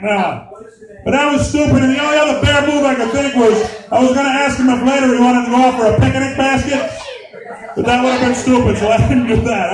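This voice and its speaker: A man hosting a live comedy night, telling self-mocking stand-up bits in a loud voice. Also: very high voice. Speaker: comedy show host. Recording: echoey live venue from far off with crowd.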